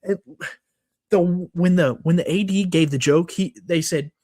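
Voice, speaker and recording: A Texan man co-hosting a sports podcast rants in a casual, worked-up way, full of fillers and restarts. His voice is fairly high-pitched and warm, at normal speed.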